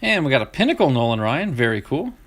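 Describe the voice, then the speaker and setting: A man's voice: medium pitch, very animated, fast talker, a bit bright. A middle-aged man with a Southern US accent chatting casually as he opens cards, laughing easily and often restarting his sentences. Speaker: card-breaking streamer. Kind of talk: casual chat.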